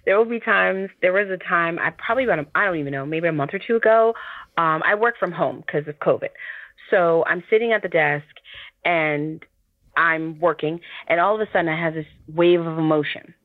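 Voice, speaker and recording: A woman guest calling in from home, telling a story in a lively, chatty way with fillers and little laughs. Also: lowish voice, fairly quick, no room sound. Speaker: podcast guest. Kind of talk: casual chat. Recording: tinny phone-line call.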